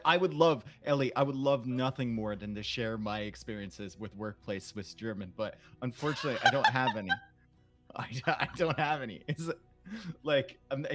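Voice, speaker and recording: A man co-casting a game stream, rambling through self-deprecating anecdotes while filling time. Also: mid-range voice. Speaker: esports caster. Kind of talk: casual stream chat.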